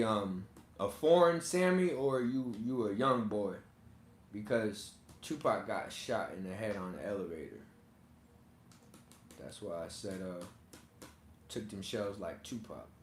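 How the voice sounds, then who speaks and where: A man's voice: on the low side, animated, unhurried, long pauses. Rambling man in an echoey room. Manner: loose, rambling, laughs often. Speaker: channel host. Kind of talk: casual commentary to viewers. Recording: echoey room with faint noise.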